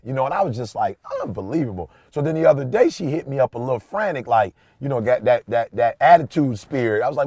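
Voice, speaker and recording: Podcast host guy in his 40s, casual storytelling, goes quiet then loud, mid pitch, dry close sound. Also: quick pace, few pauses, no echo. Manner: animated, swings between hushed and loud.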